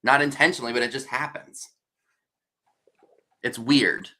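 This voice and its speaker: Easygoing man with a bright voice. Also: mid-range voice, steady tone, measured pace. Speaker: vintage shop owner guest. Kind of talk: casual livestream chat.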